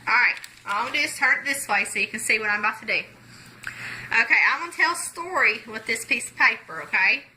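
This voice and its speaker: A woman walks viewers through a paper-folding gospel trick while telling a story in a chatty, folksy way. Her voice is sharp and bright and slightly high, and faint noise sits under it. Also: expressive, fairly quick, low-quality recording. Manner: folksy, chatty, many "okay"s. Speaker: gospel magic presenter. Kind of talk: storytelling tutorial.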